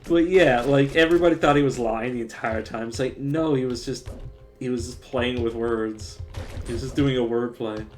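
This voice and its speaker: A young man rambles through a casual live-stream chat in a mid-pitched voice. His talk is loose and profane, full of restarts and fillers. He speaks into a desk mic. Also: moderate pace, darkish tone.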